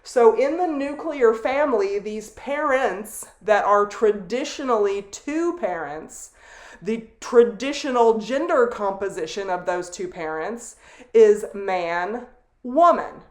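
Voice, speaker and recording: A woman's voice: mid-range voice, darkish tone. Woman lecturing in an echoey room. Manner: explanatory, deliberate, with asides and fillers. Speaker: sociology lecturer. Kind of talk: recorded classroom lecture. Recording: roomy echo.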